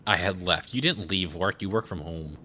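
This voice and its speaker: A man's voice: sits low, moderate pace, pushed and bright, a little hiss or hum. A man playing a game on stream, chatting casually, asking questions and stumbling over restarts. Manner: questioning, playful, stammers on restarts. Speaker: player, co-host.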